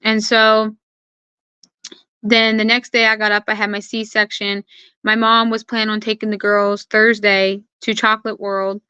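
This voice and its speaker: A woman's voice: medium pitch, level tone, a little slow, pushed and bright, clean tone, no room sound, highs cut off. A young adult woman, an interview guest, earnestly recounting personal events and quoting what others said. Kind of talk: personal account in conversation.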